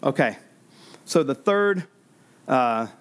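A man's voice: medium pitch, expressive, slow pace. A man preaching an expository sermon, earnest, repeating words and restarting as he explains.

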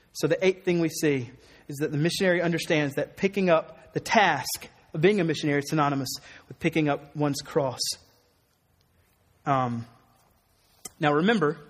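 A man's voice: a little high, big-room sound. A man preaching a sermon, earnest and emphatic, with some wry asides. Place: church hall.

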